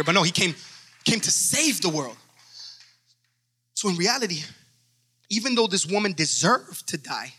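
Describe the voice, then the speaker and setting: Bright, forceful preaching man. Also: high-pitched. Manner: emphatic preaching, acts out stories. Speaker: pastor. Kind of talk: sermon.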